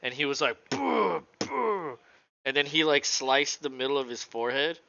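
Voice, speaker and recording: A man co-hosting a casual live football reaction show, excitable and quick to swear and laugh. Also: mid-range voice, highs cut off, a little hiss or hum. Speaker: co-host.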